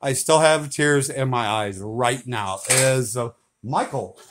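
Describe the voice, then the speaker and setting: A man in his forties filming at home, laughing hard, swearing and talking loudly in casual chat. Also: mid-range voice, measured pace, background noise. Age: 40s.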